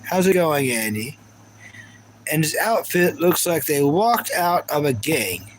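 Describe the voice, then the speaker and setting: A man hosts a casual live stream, chatting loosely and rambling through plenty of filler words. His speaking voice sits fairly high for a man. Faint background noise hums under the talk. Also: big pitch swings, slow pace, low-quality recording.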